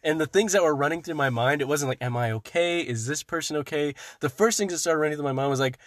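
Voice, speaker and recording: A man's voice: a little high, fast talker, a bit bright, no room sound, clean studio sound. A young man co-hosting a podcast, telling a crude story and joking casually. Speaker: podcast co-host. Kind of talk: casual chat. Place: car.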